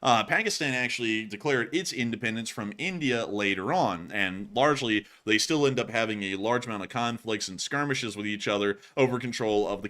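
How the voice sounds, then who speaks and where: A man's voice: fairly low pitch, bright, forceful tone. A young man hosting a live-streamed war news show, talking casually with lots of fillers and some stuttering.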